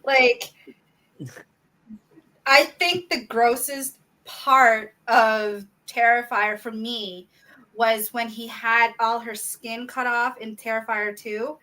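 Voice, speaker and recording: A woman co-hosting a podcast in casual chat, chatty and quick to laugh. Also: on the high side, fairly even intonation, pushed and bright, low-quality recording. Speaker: podcast co-host.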